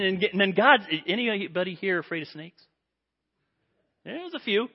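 A man preaching a sermon to a congregation, telling a story with animated delivery and acting out the quoted voices. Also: sits high, normal speed, pauses often. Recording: dull lo-fi.

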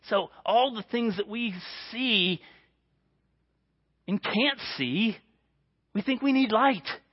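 A man preaching a sermon in an earnest way, dropping to a hushed voice for quoted prayers. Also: high voice, slow, husky, dull audio.

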